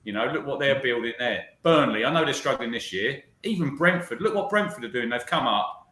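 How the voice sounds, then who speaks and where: A man's voice: medium pitch, animated, fairly quick, sharp tone, roomy sound. A man co-hosting a casual football podcast, teasing and full of banter. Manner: teasing, banter-heavy, asks questions. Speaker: podcast co-host.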